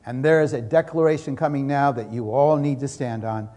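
A man's voice: mid-range voice, fairly even intonation, a little fast, dark tone. A man preaching a sermon as pastor, fervent and repetitive, voicing prayers as he speaks.

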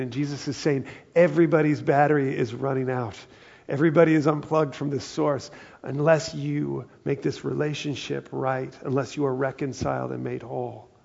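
A man's voice: medium pitch, vocal fry, a little mellow, husky, lo-fi sound. A male pastor giving a conversational sermon, slipping into quoted voices as he tells a passage.

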